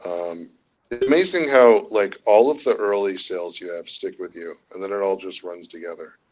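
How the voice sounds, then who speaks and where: A man with a fairly low voice answers questions on a casual live stream. He rambles, stops and starts, and corrects himself as he goes. The call audio is dull and lo-fi. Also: a little mellow. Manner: rambling, halting, self-correcting. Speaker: guest reseller.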